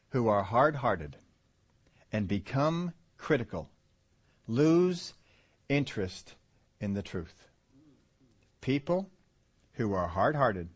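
A man preaching a sermon, with lively delivery and rhetorical questions to the congregation. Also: mid-range voice. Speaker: pastor.

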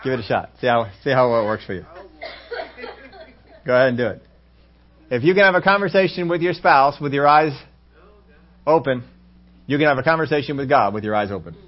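A man preaching a sermon as pastor, acting out little scenes and swinging between loud exclamations and hushed asides. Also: mid-range voice, lively intonation, a little fast, long pauses. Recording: dull lo-fi sermon recording.

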